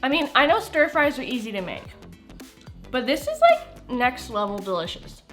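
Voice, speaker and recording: A woman's voice: high voice, wildly swooping pitch, normal speed, fairly bright tone, soft background music. A woman chatting casually in a home cooking vlog, bubbly and gushing over her meals. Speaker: food vlogger.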